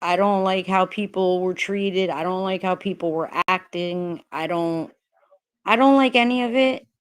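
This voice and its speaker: Slow-talking, frustrated woman streamer. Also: lowish voice, clean tone. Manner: rambling and hesitant, with frequent restarts and swearing; frustrated and upset. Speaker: livestream host. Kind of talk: casual livestream chat, greeting viewers.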